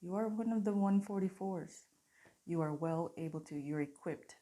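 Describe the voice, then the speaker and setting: A woman giving a channeled oracle card reading straight to her viewers, in an earnest, softly conversational way. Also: lowish voice, normal speed. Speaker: spiritual card reader.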